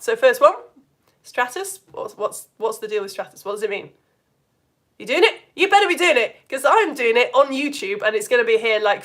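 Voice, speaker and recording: A woman from the United Kingdom teaching a live online science lesson to children, playful and coaxing as she asks questions and calls out words. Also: mid-range voice.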